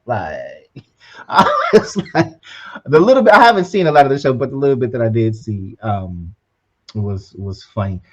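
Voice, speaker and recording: Husky-voiced man hosting a podcast. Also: mid-range voice, sing-song, fairly quick, lo-fi sound. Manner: upbeat, preachy, often adds "right?" and "you know what I'm saying". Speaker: podcast co-host. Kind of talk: casual motivational podcast chat.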